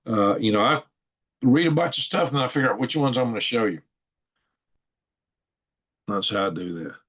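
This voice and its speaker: His husky, mid-range voice is expressive and fairly bright, delivered at a moderate pace. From his computer at home, he runs his channel by reading news stories on a shared screen, rambling in his commentary while chuckling and thinking aloud.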